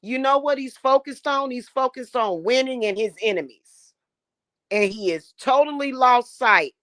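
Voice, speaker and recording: A woman's voice: high-pitched, moderate pace, a bit bright, no echo. A woman, talking casually to her viewers, emphatic and emotional, often repeating words as she builds up steam. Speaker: spiritual channel host.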